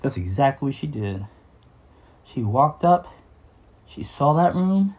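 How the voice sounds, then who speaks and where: A middle-aged man telling a personal story off the cuff, halting and earnest, with sighs and restarts. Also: mid-range voice, very animated, a little mellow. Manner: halting, with frequent fillers and restarts; earnest and sighing. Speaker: memoir storyteller.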